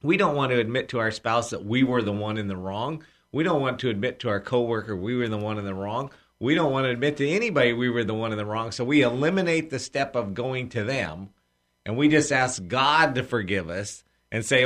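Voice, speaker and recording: A man's voice: medium pitch, lively intonation, brisk, a bit bright. A man co-hosting a Christian radio talk show, making his point emphatically and acting out sample apologies. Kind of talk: preaching conversation.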